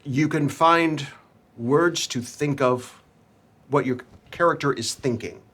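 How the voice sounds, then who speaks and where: A man's voice: mid-range voice, slow pace, a bit bright, a little hiss or hum. A man on a panel giving acting advice, sometimes acting out short examples. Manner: earnest, gives acted examples. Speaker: drama panelist. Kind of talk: panel discussion.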